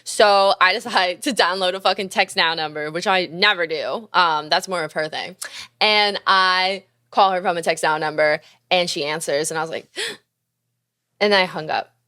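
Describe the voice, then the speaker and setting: A young woman hosting a podcast, telling a candid, profane story about a relationship at a fast clip, laughing often. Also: fairly low pitch, sharp tone, smooth. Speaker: podcast host.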